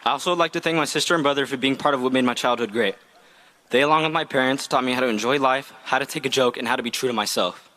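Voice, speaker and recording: A man's voice: mid-range voice, racing, bright, forceful tone. A young man, a graduating student, giving an earnest, heartfelt graduation speech read from a script. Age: young adult. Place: outdoor graduation ceremony.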